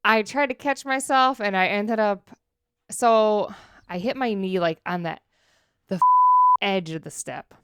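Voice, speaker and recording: A woman's voice: mid-range voice, measured pace, long pauses, clean tone, no echo. Chatty woman storyteller, close dry mic. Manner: animated storyteller, acts out quotes. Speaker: podcast co-host. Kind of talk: casual chat. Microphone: studio dynamic mic.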